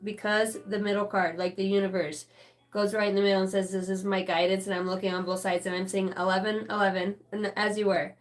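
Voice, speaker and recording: A woman's voice: medium pitch, little pitch movement, a little fast, poor audio. A woman in her thirties giving a casual, profane, rambling live tarot reading as a channeler. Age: 30s.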